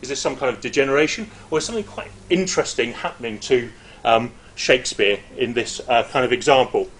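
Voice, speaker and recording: Middle-aged guy lecturing at a seminar, chatty, lots of ums and asides, ordinary mid pitch. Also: fairly quick. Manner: lively and chatty, with frequent hesitations and asides. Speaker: university lecturer presenting at a seminar. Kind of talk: informal academic presentation.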